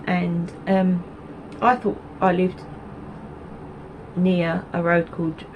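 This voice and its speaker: Speaking slowly in a voice on the low side, the Essex host of a knitting video podcast chats casually to camera, rambling with many ums and asides. A little hiss or hum runs through the rough recording.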